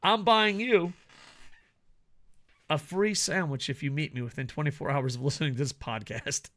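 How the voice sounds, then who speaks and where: A man's voice: a little high, normal speed, a bit bright. A man co-hosting a podcast, bantering casually and often breaking into laughter. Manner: giggly, playful, breaks into laughter. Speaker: podcast co-host. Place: Japan.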